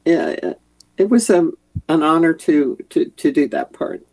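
A woman's voice: sits low, big pitch swings, measured pace, creaky, darkish tone, slightly rough. An older woman, an actress, chatting as an interview guest, rambling with many restarts. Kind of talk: casual interview chat.

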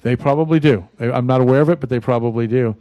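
A man chats on a radio talk show in a folksy, rambling manner, full of fillers and restarts. His voice sits at an ordinary pitch for a man. It sounds dry and close on a studio microphone. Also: quick pace, warm tone, dry recording.

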